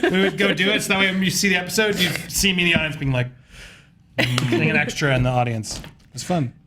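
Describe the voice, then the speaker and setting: A man with a somewhat high voice talks loosely in a panel chat, tripping over his own words as he rushes through stories. He sounds animated and a little scattered, with a faint noise floor behind him. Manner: animated, stammering restarts. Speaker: show host.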